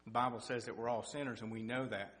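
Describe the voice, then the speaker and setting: Folksy middle-aged preacher man. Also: fast talker. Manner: folksy, animated, climbs in pitch and loudness for emphasis. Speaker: lay preacher. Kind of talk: sermon with personal testimony. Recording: echoey hall with faint hum.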